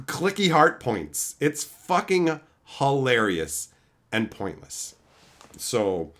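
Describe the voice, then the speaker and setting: A man's voice: fairly high pitch, fairly bright tone. A young man streaming live, ranting to his chat in a profane, scornful way, often mocking others in put-on voices.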